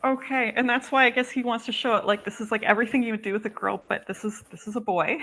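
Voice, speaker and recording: Gravelly-voiced woman giving a reading. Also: on the high side, fairly even intonation, fairly bright tone. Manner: halting, full of "um" and "like". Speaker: psychic medium. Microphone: video call.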